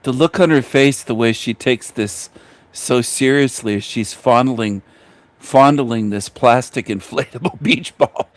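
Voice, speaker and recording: A man's voice: mid-range voice, unhurried, no room sound. A man giving mocking reaction commentary on a video, crude and incredulous, often breaking into laughter. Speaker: video reviewer.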